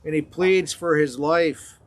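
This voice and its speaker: A man teaching a confirmation class, retelling a Bible story in a conversational, halting way with frequent fillers. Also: a little high, fairly even intonation.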